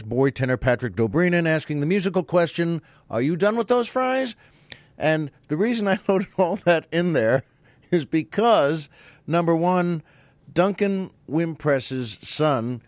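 A man's voice: a little high, dry recording. A man hosting his own show, telling stories in a rambling, digressive comic monologue. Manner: rambling, digressive, chuckling storyteller. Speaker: host.

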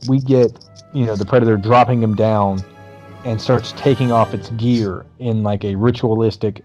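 A man's voice: lowish voice, moderate pace, dull audio, soft background music. A man casually recapping a movie plot, telling it with lots of swearing and acting out the lines. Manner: animated storytelling with profanity, acts out movie lines.

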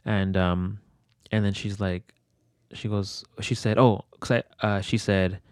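In an interview, a young man with a very low, deep, darkish voice tells a personal story, rambling loosely with plenty of fillers and casual swearing. His tone is steady and his pace measured. The recording is dry and close, with almost no room sound.

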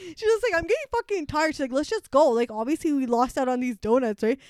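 A woman's voice: high voice, quick pace, few pauses, darkish tone, no echo. A young woman, chatting casually and telling a story, acting out quotes and laughing often. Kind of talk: casual chat.

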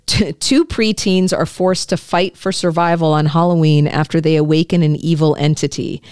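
A woman's voice: low voice, steady tone, moderate pace, a little mellow, clear, resonant tone, no room sound, clean studio sound. A woman co-hosting a casual movie review chat, retelling scenes with laughter and restarts into a desk mic.

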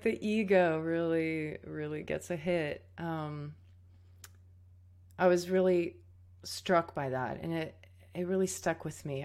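A woman who teaches tango, telling a candid personal story in a reflective way, with fillers and restarts. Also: deep voice.

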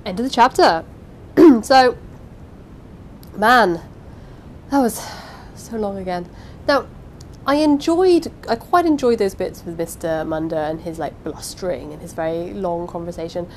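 Woman reading an old novel then chatting about it, lively, bit of low rumble behind. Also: measured pace, long pauses, poor audio. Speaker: reader. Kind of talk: reading a novel aloud, then casual commentary.

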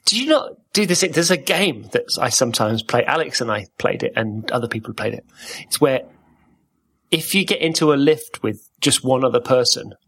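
Man from Wales, husky podcast host, playful and rambling. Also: medium pitch, expressive, moderate pace, a bit bright. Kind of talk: casual chat.

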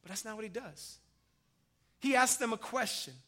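High, bright-voiced preaching man. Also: normal speed. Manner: dramatic swings between loud emphasis and hushed lines; retells the scripture story vividly, speaking to the congregation as family. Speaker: pastor. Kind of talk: sermon.

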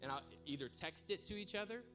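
A man preaching to his congregation, telling a comic personal story with animated, humorous delivery. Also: high-pitched, quick pace, over music. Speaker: pastor. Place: church service in a large room.

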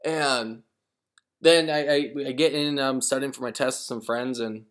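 A man's voice: medium pitch, steady tone, measured pace, a bit bright. Rambling twenty-something man telling a story. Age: 20s. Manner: rambling, repeats words, quotes friends in voices. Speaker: podcast host. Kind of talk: casual solo storytelling.

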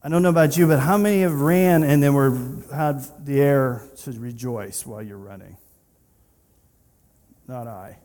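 The long reverb of a large hall surrounds a male pastor whose medium-pitched voice has a darkish tone and a normal speed. He preaches conversationally, mixing in personal asides and rhetorical questions.

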